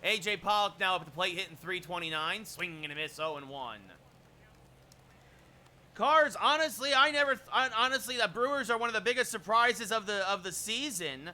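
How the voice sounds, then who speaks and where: Bright, high-voiced man calling baseball. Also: animated, normal speed. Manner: chatty, replies to chat between plays; erupts into shouted home-run calls. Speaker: streamer doing play-by-play. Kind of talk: live-stream game commentary.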